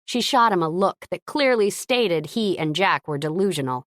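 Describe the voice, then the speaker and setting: A woman narrating an audiobook in an expressive, lively reading. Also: lowish voice, normal speed, few pauses, no echo, studio quality.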